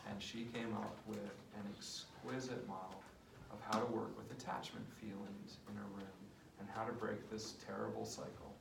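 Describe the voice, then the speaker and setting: Gravelly man explaining couples therapy. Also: on the low side, level tone, moderate pace, hardly any pauses. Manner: passionate, demonstrates with role-play. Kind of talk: explaining therapy method in an interview. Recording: echoey room, distant mic, noisy.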